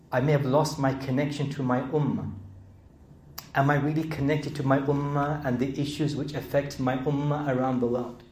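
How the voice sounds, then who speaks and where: A man's voice: fairly high pitch, darkish tone, echoey room. A middle-aged man with a British accent giving a sermon, asking earnest rhetorical questions and pressing to emphatic peaks. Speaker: speaker.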